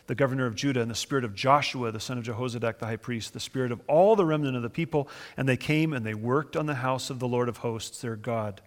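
A man's voice: mid-range voice, big-room sound. A man delivering a conversational, enthusiastic sermon, reading and explaining scripture to his congregation. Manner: enthusiastic, conversational Bible teaching with dramatic quoted voices. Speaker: pastor.

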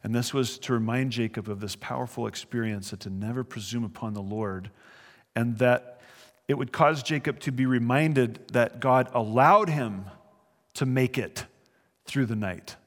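A man's voice: mid-range voice, moderate pace, long reverb tail. A man preaching a verse-by-verse sermon as a pastor, conversational and earnest, with brief chuckles. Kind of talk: sermon, verse-by-verse Bible teaching.

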